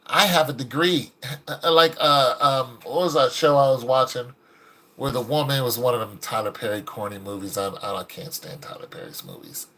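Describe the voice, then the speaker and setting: A medium-pitched man speaks at normal speed as a video commentator, offering casual, preachy commentary. He's animated and acts out the people he quotes in his stories.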